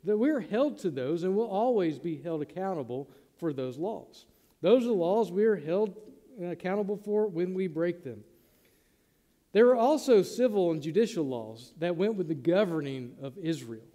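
A man's voice: high-pitched, expressive, moderate pace, mellow, long reverb tail. A man preaching a sermon to his congregation in a conversational way, acting out the lines he quotes. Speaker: pastor.

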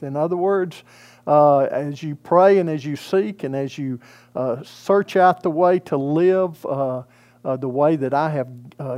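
A man's voice: a little high, a little mellow. A man preaching a sermon as pastor, in a conversational way with many fillers and restarts.

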